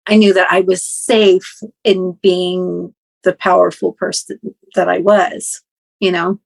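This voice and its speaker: A woman's voice: lowish voice, flat delivery, takes it slowly, gravelly. A woman podcast guest talks through her thoughts in a casual, reflective chat. She sounds hesitant and searches for words, often repeating herself before she settles on a point.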